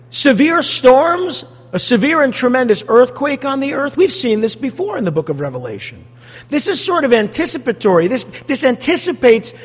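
Pastor guy preaching, breathy lively voice, long hall echo. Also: very high-pitched. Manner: animated preaching, rhetorical questions to the congregation. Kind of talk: sermon.

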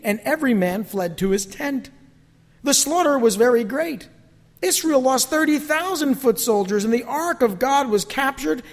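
A pastor delivers his sermon in a high voice that leaps up and down as he acts out the people he talks about. Now and then he sinks to an almost whispered hush. The sound rings with the long reverb of a hall. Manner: animated preaching, acts out voices, drops to near whisper.

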